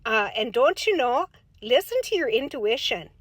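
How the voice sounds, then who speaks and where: A woman's voice: a little high, lively intonation, moderate pace, fairly bright tone, no echo. A woman from Minnesota with a Minnesotan accent, talking in a folksy, rambling way to her viewers as a spiritual medium. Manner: folksy, chatty, rambling with many fillers. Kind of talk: casual monologue to camera.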